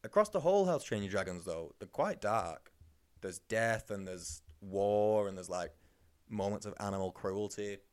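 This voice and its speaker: A man's voice: fairly low pitch, lively intonation, moderate pace. A man co-hosting a podcast, chatting casually and teasing his co-host with sarcastic asides. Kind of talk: casual chat.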